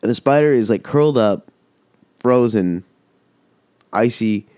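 A man's voice: medium pitch, unhurried, darkish tone, clean tone, dry recording, studio quality. A man hosting a podcast, telling a rambling, heavily profane story in casual chat. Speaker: podcast host.

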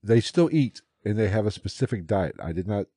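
Low mellow-voiced man explaining. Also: expressive, fairly quick, no room sound, clean studio sound. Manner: explains in steps, laughs along. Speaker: podcast host. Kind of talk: casual podcast chat.

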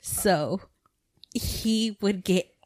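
A woman's voice: medium pitch, drawn-out words, darkish tone, dry recording, clean studio sound. A woman co-hosting a podcast, chatting casually in a blunt, outspoken way and swearing freely. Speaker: podcast co-host. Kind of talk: casual chat.

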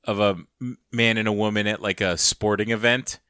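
A man co-hosting a podcast in casual chat, laid-back and quick to laugh. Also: fairly low pitch, flat delivery, sharp tone, smooth, dry recording, studio quality. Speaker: podcast co-host.

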